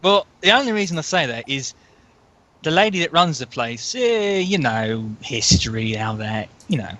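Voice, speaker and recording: A man voicing a gruff Australian male underworld contact with a put-on Australian accent and blokey slang. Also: fairly high pitch, very animated, moderate pace, a bit bright.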